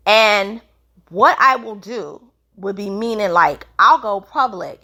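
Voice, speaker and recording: Chatty woman vlogger with a gravelly voice. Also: medium pitch, animated, slow pace, pushed and bright. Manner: chatty, opinionated, colloquial. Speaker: channel host and commentator. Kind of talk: casual commentary vlog.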